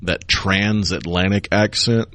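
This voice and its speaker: Low-voiced man explaining trivia. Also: fairly even intonation, slow, a bit bright, no room sound. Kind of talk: casual studio chat. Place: radio studio. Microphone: studio microphone.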